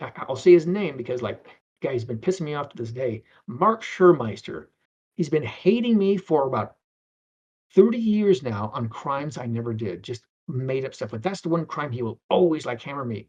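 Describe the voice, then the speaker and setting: A middle-aged man, a guest on an interview, telling anecdotes in a rambling way with many restarts and acted-out voices. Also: fairly high pitch. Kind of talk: anecdotal storytelling. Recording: dull lo-fi sound.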